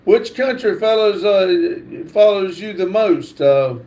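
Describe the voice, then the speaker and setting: A man hosting a livestream, reading chat comments aloud in a halting way with fillers and restarts. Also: high voice, lively intonation, darkish tone. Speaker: livestream host.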